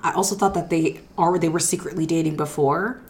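A woman co-hosting a podcast, chatting excitedly about a TV show and rambling with lots of restarts. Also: sits low, a little fast. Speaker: podcast co-host. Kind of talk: casual chat about a TV show.

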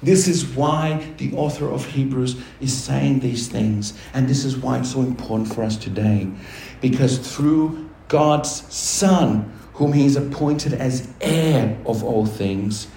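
A man preaches a sermon to his congregation in an animated way, often stopping to put questions to the people listening. His voice sits at an ordinary middle pitch. The recording carries the echo of a large room, with faint ambient noise underneath. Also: takes it slowly, gravelly. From Australia. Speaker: pastor. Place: church. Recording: echoey church hall with faint ambience.

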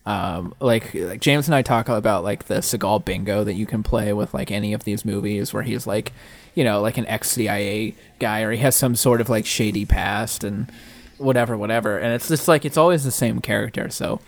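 A man's voice: fairly low pitch, normal speed. A man co-hosting a movie podcast, talking casually with wry humor and lots of restarts. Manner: hesitant, repeats words, wry. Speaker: podcast co-host. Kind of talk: casual movie-review chat.

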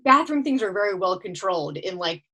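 A woman telling a long personal story in casual chat, acting out her own lines with bursts of shouting and laughter. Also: medium pitch, expressive, a little fast. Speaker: guest storyteller.

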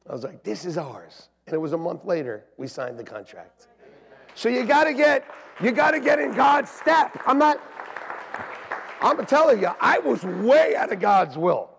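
A male pastor preaching a lively storytelling sermon. He acts out quoted voices and swings between loud and soft. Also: high voice, gravelly. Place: church sanctuary. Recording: long reverb in a large church hall.

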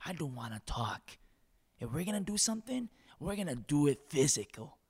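Improv comedy: a man plays a profane, short-fused factory guy who rants and yells. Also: fairly high pitch, sing-song, normal speed, husky, heavily acted. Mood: ranting. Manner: profane ranting, bursts into shouting. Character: foul-mouthed, hot-tempered male factory worker. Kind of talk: improvised comic storytelling in character.

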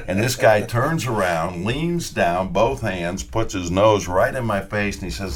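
Animated storytelling man, low voice. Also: normal speed, hardly any pauses. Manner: animated, acts out quotes with sudden loud outbursts. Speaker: former radio announcer. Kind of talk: storytelling in casual chat.

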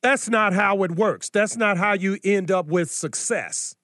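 A man's voice: sits high, measured pace, fairly bright tone, dry recording, studio quality. A middle-aged man hosting a political commentary show, preaching in a combative, scolding way and firing off rhetorical questions.

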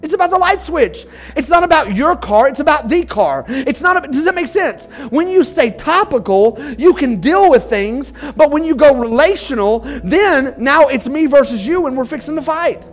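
High-voiced man preaching, music faint behind. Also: lively intonation, moderate pace, few pauses. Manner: emphatic, calls out to the congregation. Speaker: pastor. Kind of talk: sermon. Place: church.

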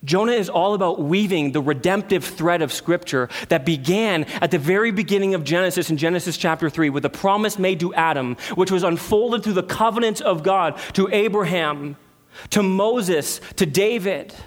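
A man's voice: sits high, moderate pace. A man preaching a sermon as pastor, emphatic, with rhetorical questions and repeated phrases.

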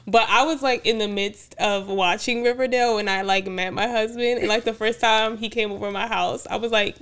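Lively young woman telling stories with laughter. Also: a little high, moderate pace. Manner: animated storyteller, laughs often, acts out quotes. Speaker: podcast co-host. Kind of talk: casual chat.

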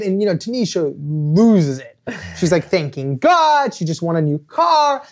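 A young man, a podcast guest and author, telling an animated anecdote and acting out quoted lines. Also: high-pitched, a little slow. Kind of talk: storytelling anecdote.

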